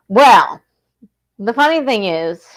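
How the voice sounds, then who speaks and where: A South Jersey woman with a fairly high, bright voice hosts a casual livestream, chatting, laughing often and reading viewer comments out loud.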